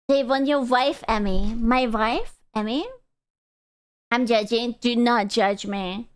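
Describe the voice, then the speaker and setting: A woman's voice: on the high side, a little slow, clear, resonant tone. A young adult woman streamer in casual livestream chat, playful, crude and giggly.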